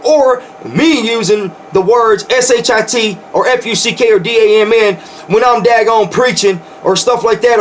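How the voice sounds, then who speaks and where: With a very high-pitched voice, this pastor delivers an informal sermon online, rambling with fervor and repeating words whenever he gets worked up. There's slight background noise.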